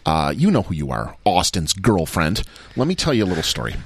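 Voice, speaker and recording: A man's voice: deep voice, wildly swooping pitch, a little fast, creaky, slight background noise. A man co-hosting a casual league podcast, telling stories in a wry, teasing way. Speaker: podcast co-host. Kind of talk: casual chat.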